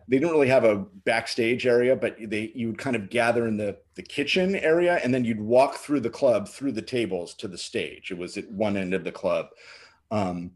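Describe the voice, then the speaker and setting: A man with a husky, slightly breathy voice tells a story from his gigging past in a relaxed, chatty way. He slips into animated voices for the people in his anecdote. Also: on the low side. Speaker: drummer and co-host. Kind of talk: casual storytelling.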